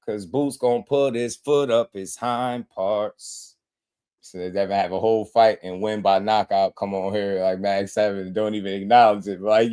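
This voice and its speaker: A man's voice: lowish voice, fairly even intonation, fairly quick, darkish tone. A man hosting a live boxing stream, trash-talking and mocking his chat viewers, laughing often and repeating their names as he taunts them. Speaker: boxing livestream host.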